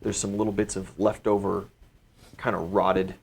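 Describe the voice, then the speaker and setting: A man narrating a tabletop game as game master, describing scenes at an unhurried pace. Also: low voice, flat delivery, creaky, darkish tone, slightly rough.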